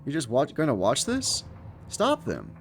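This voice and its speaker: A man's voice: medium pitch, wildly swooping pitch, measured pace, vocal fry, slight background noise, exaggerated voice. A man voicing a shaken young male recruit in a game, upset and protesting.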